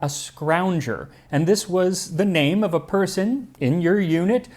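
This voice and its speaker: A man's voice: high voice, animated, a little slow, darkish tone. A man hosting a cooking history show, giving scripted narration with dry humor and tasting the food.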